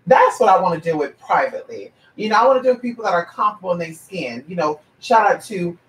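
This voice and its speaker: A woman's voice: lowish voice, fast talker. A trans woman who gives paid readings, talking straight to her viewers in a blunt, sassy rant full of swearing, switching into mimicry of other people as she tells her stories. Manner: animated, mimics other people mid-story. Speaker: paid psychic reader. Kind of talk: casual vlog rant to viewers. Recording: roomy echo, distant from mic.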